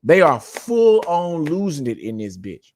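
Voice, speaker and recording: A male podcast host recounts a meandering family tale full of swearing, laughing as he acts out what people said, all from his home studio with its lights and mics. He speaks at a measured pace in a slightly high, sing-song, darkish voice, with a little hiss or hum in the background.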